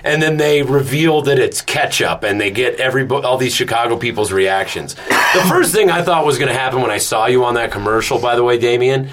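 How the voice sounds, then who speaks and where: A man hosting a casual podcast, telling stories fast with profanity and frequent restarts. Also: medium pitch, a bit bright, slight background noise. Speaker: podcast host.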